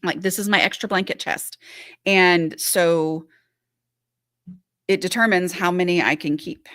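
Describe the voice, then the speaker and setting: A woman's voice: lowish voice, fairly even intonation, unhurried, a bit bright, no echo, clean studio sound. A woman hosting a live-stream Q&A, reading out viewer questions and answering them in a chatty, reassuring way with lots of "like" and "um". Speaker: decluttering advice host; former teacher and mother.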